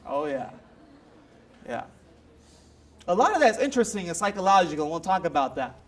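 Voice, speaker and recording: A man giving a motivational seminar talk, telling stories in an animated way. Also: high-pitched, a little fast. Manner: animated storytelling with acted quotes. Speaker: motivational speaker.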